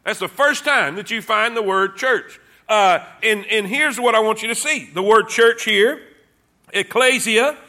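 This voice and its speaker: Pastor guy preaching hard, high and really bright voice, gets the crowd saying it back. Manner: fervent preaching with call-and-response. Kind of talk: sermon.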